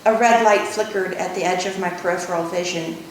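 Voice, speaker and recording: A woman author reading her novel aloud in measured first-person narration. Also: steady tone, recorded from a distance. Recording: echoey room, faint rumble.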